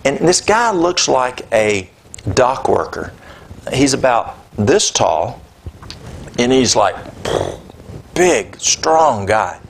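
Animated male preacher telling stories. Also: medium pitch, slow pace, gravelly, a little hiss or hum. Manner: animated, conversational storyteller. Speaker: pastor. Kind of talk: sermon with personal storytelling. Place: church.

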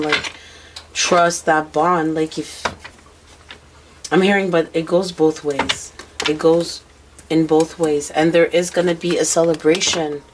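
A woman's voice: low-pitched, background noise. A woman giving a casual tarot reading to camera, rambling through what she senses, her voice worn out and tired. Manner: intuitive, rambling, mutters what she hears. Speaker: tarot card reader.

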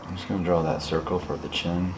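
Very deep-voiced man drawing softly. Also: level tone, brisk, reverberant, noisy background. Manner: soft-spoken, murmured, self-conscious asides. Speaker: artist demonstrating drawing. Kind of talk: quiet live drawing demonstration. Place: apartment room, indoors.

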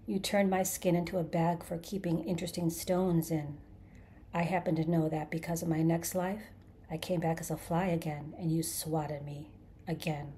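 A woman voicing a bitter, menacing male spirit reincarnated as creatures, rumbling and rasping in an audiobook. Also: dark tone, a little hiss or hum, lightly acted. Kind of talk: audiobook character voice.

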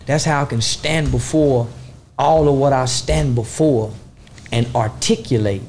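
A man's voice: mid-range voice, measured pace, a little mellow, slight background noise. A man talking boldly and emphatically as a guest in a casual interview. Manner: bold, boastful, emphatic.

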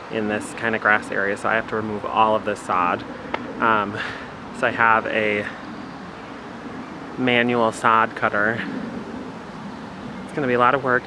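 A man of ordinary pitch talks in an easygoing, chatty way, as if the listener were standing beside him. He is outside in his backyard, with steady outdoor noise and passing traffic in the background. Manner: easygoing, chatty, addresses viewers directly. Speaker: home gardening vlogger. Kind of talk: casual chat to camera. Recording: noisy outdoor recording.

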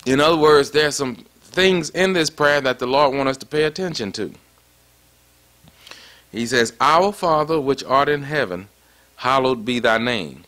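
A man's voice: medium pitch, a bit bright. A man preaching a sermon in a conversational way, often stopping to ask "you see that?". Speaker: pastor.

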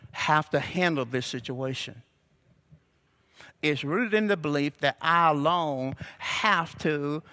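A man preaching a sermon as pastor, calling out to the congregation and building to shouts. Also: on the high side. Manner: call-and-response preaching, rising to shouts. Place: church sanctuary.

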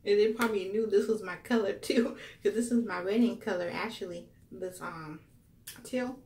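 A woman's voice: medium pitch, normal speed, darkish tone, slight background noise. A young woman in a casual unboxing vlog, gushing over gifts and a little teary. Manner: gushing, exclaims "wow" often, addresses viewers as y'all. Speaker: vlogger.

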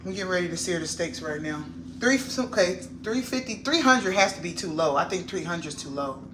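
A woman vlogging in her home kitchen, talking in a loud, assertive way and laughing easily. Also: lowish voice, expressive, fairly quick, background noise. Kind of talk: casual family cooking vlog. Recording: echoey kitchen with clattering pots.

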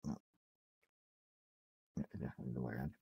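A man hosting a live hobby stream, hoarse and losing his voice, casually talking through a miniature build and apologising. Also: extremely low pitch, steady tone, quick pace, muffled recording. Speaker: hobby livestream host.

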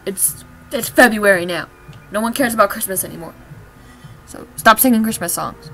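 A woman's voice: medium pitch, normal speed, fairly bright tone, soft background music. Rambling self-mocking woman gamer. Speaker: gameplay video maker. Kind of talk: casual gameplay commentary.

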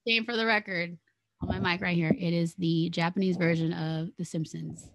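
A woman's voice: on the low side, steady tone, normal speed, heavy background noise. A woman co-hosting a book club podcast in casual chat, joking playfully and cheering on her co-host.

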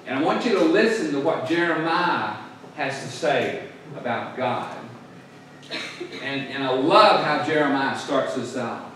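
Preaching pastor in an echoey church. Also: male voice, medium pitch, animated, measured pace, fairly bright tone, a little hiss or hum. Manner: call-and-response preaching, urging the congregation to answer aloud. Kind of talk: sermon. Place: church sanctuary. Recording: echoey church room, voice from a distance.

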